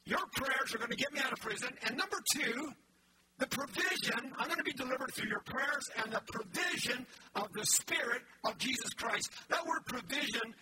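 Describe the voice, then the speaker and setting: Man, pastor preaching, high voice, storytelling with restarts, heard from afar with room noise. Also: animated, normal speed. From Canada. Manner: storytelling with many restarts and asides. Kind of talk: sermon. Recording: distant mic with background noise.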